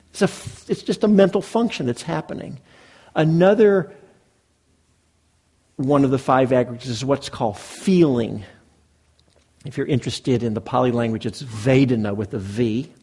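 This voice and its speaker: A man gives a dharma talk to a live group in a meditation hall. His voice is gravelly and a little husky, at an ordinary pitch. He talks conversationally and checks in with the listeners often. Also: dark tone. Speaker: meditation teacher.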